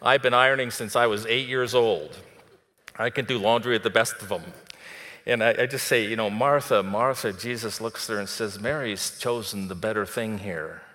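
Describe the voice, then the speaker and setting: A man preaching a sermon in a conversational way, dropping soft and then rising to emphatic. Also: fairly low pitch, fairly even intonation, normal speed, long reverb tail. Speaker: pastor.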